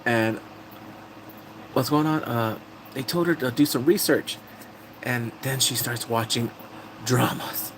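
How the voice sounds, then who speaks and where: A young man casually recapping episodes of a drama, telling it in an animated, blunt way with casual swearing. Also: medium pitch, slow, pauses often, noisy background.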